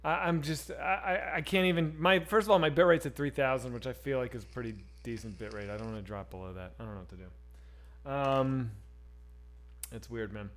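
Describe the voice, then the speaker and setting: A man co-hosting a streamed chat show, telling a story in an animated, excitable way and swearing freely. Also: medium pitch, a little fast. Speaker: podcast co-host.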